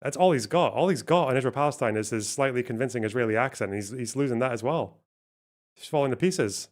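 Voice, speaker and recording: A man's voice: mid-range voice, animated, fast talker. Sarcastic swearing man streamer. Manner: sarcastic, swearing, laughing asides. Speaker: streamer host. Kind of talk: casual reaction commentary.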